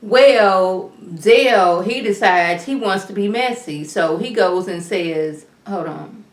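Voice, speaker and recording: A woman giving a casual recap of a reality TV episode, chatty and quick, acting out the dialogue as she retells each scene. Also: medium pitch. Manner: talks fast at times. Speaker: reality TV reviewer. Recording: roomy echo.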